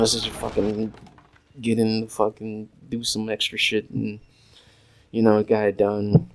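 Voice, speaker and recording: A man's voice: lowish voice, steady tone, moderate pace, rough recording. A man telling a crude story in a casual, rambling way, full of swearing and filler words, while gaming at home. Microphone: desk USB microphone. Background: faint noise and mouse clicks.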